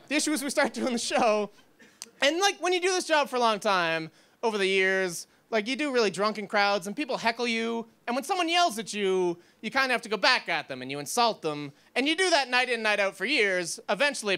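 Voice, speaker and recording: Young male stand-up, high and clear voice, rambling self-deprecating delivery, club stage mic. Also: big pitch swings, fairly quick, bright, forceful tone. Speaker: stand-up comedian. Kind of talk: stand-up routine.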